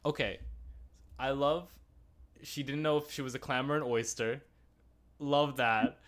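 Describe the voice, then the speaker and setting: A man's voice: medium pitch, fairly even intonation, unhurried, fairly bright tone. A man co-hosting a casual review chat, talking in a rambling, chatty way full of asides. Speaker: podcast co-host.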